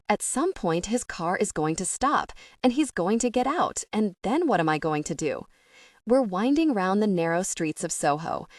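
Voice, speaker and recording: Expressive woman narrating a comedy audiobook. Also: medium pitch, no echo, clean studio sound. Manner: expressive, anxious, breathless first-person storytelling.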